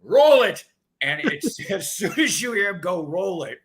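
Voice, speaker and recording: A man hosting a casual radio show, excitable and profane, laughing often and slipping into impressions. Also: sits high, normal speed. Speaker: radio host and record collector. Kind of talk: casual chat. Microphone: studio mics.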